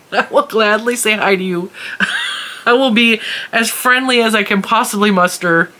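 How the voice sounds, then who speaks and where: A woman chatting casually as a crochet vlogger, animated, laughing often and acting out what people said. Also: on the high side, a little slow. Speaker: crochet YouTuber. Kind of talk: casual chatty vlog storytelling. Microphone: camera in a room at home.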